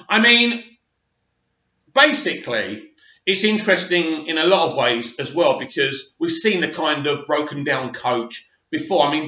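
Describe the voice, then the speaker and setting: A man in his forties talks through an article with chatty asides, tripping over words and starting again. His voice sits a little high and swings up and down lively. It's heard in a roomy space on a dull, muffled recording. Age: 40s. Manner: chatty asides, stumbles and restarts while reading. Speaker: movie news vlogger. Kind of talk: reading and commenting on an article.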